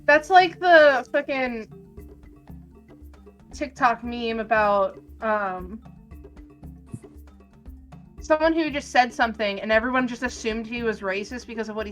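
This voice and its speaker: High-voiced woman who swears casually. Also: unhurried, pauses often, soft background music. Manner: swears freely, excitable. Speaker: tabletop game player. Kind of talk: casual chat on a game stream.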